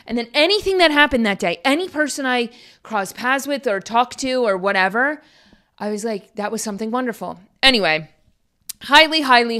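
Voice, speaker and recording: This podcast host has a mid-range voice that sounds pushed and bright yet smooth. The young woman keeps her solo show casual and upbeat, rambling along with plenty of filler words.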